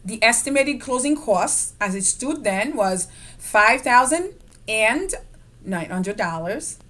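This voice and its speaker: A woman with a somewhat high voice teaching a real estate investing lesson. She talks in a lively way, leaning on key words. She keeps asking her viewers whether they follow. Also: slow. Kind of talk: screen-share investing lesson.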